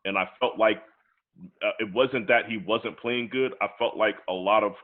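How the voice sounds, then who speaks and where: A man with a somewhat low voice co-hosts a casual podcast chat. He is eager and sets out his points in order. He sounds thin and tinny, as if over a phone line. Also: steady tone, normal speed. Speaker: podcast co-host.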